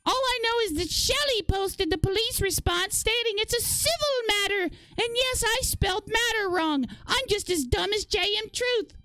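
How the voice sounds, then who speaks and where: A man reading out a flustered, self-righteous woman commenter in a mocking falsetto, whiny and indignant. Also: lively intonation, normal speed, few pauses, sharp tone, no room sound, studio quality, heavily acted.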